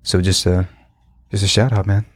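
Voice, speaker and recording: A man's voice: deep voice, little pitch movement, normal speed, no room sound. A man co-hosting a podcast in casual chat, cracking crude, profane jokes. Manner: joking, crude, profane banter. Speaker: podcast co-host.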